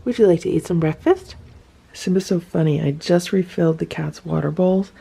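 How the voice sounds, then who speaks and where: Lady vlogger talking softly about her cats, mellow low voice, whispers a lot. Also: normal speed, creaky, breathy edge. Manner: soft-spoken, often whispering; coos at pets in a raised voice. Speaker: cat rescue vlogger. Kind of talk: casual home video narration.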